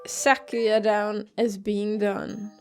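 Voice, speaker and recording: A woman giving relaxed, easygoing gameplay commentary. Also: mid-range voice, very slow, faint music behind. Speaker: let's play commentator.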